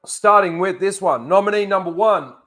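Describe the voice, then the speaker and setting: A man hosting a livestream in relaxed, rambling casual chat, talking to his viewers as he sets things up. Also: high voice. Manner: relaxed, rambling, talks to viewers while setting up. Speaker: livestream host.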